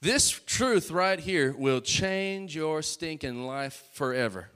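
A man preaching a sermon as pastor, calling out to the congregation and building to loud, emphatic bursts. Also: a little high, animated, slow pace, smooth.

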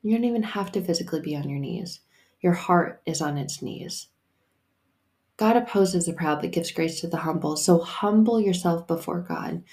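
A woman's voice: fairly low pitch, moderate pace, darkish tone. A woman hosting a solo faith podcast, talking in a casual, emphatic and playful way with the odd curse word. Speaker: podcast host and faith coach.

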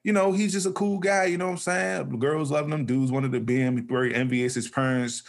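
A man spinning a childhood story at a quick clip, his voice sitting mid-range. He acts out the people in the story and laughs often as he goes, with in his speech. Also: mid-range voice, fairly even intonation, gravelly. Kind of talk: casual storytelling.

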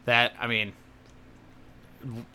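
A man's voice: medium pitch, level tone, slow, bright, forceful tone. A man co-hosting a casual podcast, joking around and laughing often. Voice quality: red beard, teacher. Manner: jokey, laughs often, breaks into playful voices. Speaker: podcast co-host. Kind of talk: casual chat.

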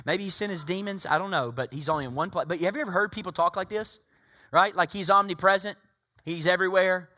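A pastor from Tennessee preaches with a bright, ringing tone, and his voice sits a little high for a man. He moves from loud, emphatic declarations to hushed, close asides. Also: fast talker. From Tennessee, USA. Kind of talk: sermon.

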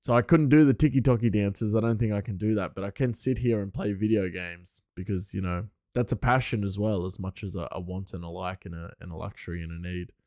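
A man's voice: lowish voice, brisk, hardly any pauses, darkish tone, dry recording. Young man, rambling solo podcast chat, dry close sound, laughs often.

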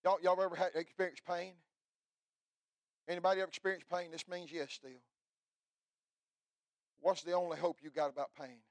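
Male pastor, middle-aged, fervent sermon voice, a bit high, dry close sound, loud peaks to quiet lows. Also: level tone, moderate pace, long pauses, no echo. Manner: preachy, swings from shouting to hushed. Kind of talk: fiery revival sermon.

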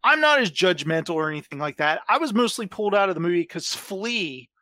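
A man with a rather high voice, recorded dry, talks in an easy podcast chat. He sounds enthusiastic and laughs readily. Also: expressive, fairly quick, bright, forceful tone, no echo. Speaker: podcast co-host. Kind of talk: casual chat.

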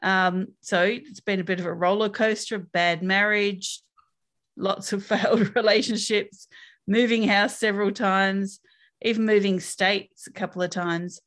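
A woman's voice: mid-range voice, fairly even intonation, unhurried, a bit bright. A woman with an Australian accent, a podcast guest, answering interview questions in a frank, upbeat way with small laughs.

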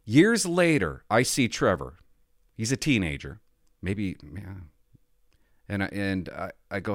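A man's voice: fairly low pitch, sing-song, slow, pauses often, no echo, studio quality. A man hosting a podcast, talking in a rambling, self-deprecating casual monologue into a podcast microphone. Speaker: podcast host.

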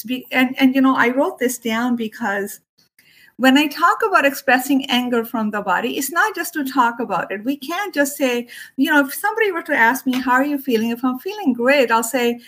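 Speaking at a normal speed in a high voice, a woman, both Ayurvedic doctor and yoga teacher, discusses emotions in a casual spiritual chat. She's animated and acts out the voices she quotes.

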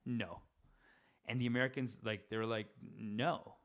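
A young vlogger speaks to the camera from indoors at his parents' house, his mid-range voice moderately paced and fairly even in intonation. The monologue rambles casually, with swearing, lots of fillers, and frequent restarts.

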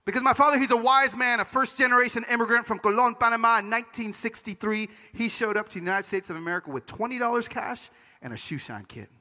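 A man giving a conference talk, telling stories in an animated, comic way. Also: very high-pitched, fast talker. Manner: animated, comic, acts out voices. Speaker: conference speaker. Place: conference stage. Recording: large hall reverb.

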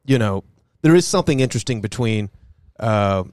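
A man's voice: on the low side, animated, brisk, darkish tone, no echo, clean studio sound. A man co-hosting a casual sports podcast, talking loosely with restarts and casual swearing. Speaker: podcast co-host.

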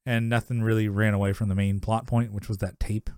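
A man's voice: lowish voice, flat delivery, brisk, darkish tone, smooth, dry recording, clean studio sound. A man co-hosting a podcast in casual chat, rambling through a sitcom episode recap, laughing often and acting out the characters' lines. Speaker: podcast co-host.

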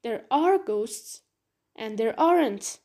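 Woman doing a calm village landlord. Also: on the high side. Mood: measured. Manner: measured, reasoning. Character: steady male village landlord, calm mediator.

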